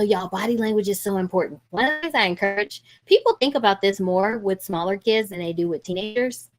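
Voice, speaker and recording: A middle-aged woman counselor talks casually through a parenting workshop over a video call. She keeps the talk lively and often acts out what parents and kids might say. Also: medium pitch. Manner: lively and conversational, acting out parents' lines.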